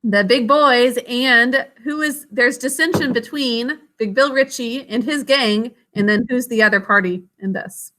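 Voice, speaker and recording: A woman's voice: on the high side, a little slow, few pauses, fairly bright tone. A woman teacher leading a vocabulary and spelling lesson. She asks the class questions, calls on students by name, and patiently sounds out each syllable.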